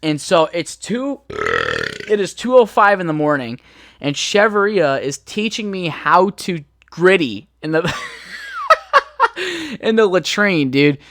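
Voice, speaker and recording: A man's voice: high voice, huge pitch swings, takes it slowly, vocal fry, long pauses, a bit bright. A young man hosting a podcast, telling a rambling story in a laid-back, profane way full of fillers. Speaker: podcast host. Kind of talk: casual storytelling.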